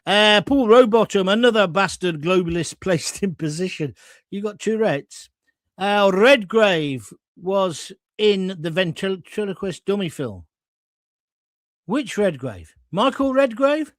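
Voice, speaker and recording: A middle-aged man hosts a live stream, reading viewer comments and answering them in a blunt, sardonic way. His voice sits fairly high for a man. It is recorded close and dry, with no room sound. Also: no echo. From England. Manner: blunt, sardonic, rambling asides. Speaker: host of a live political chat show.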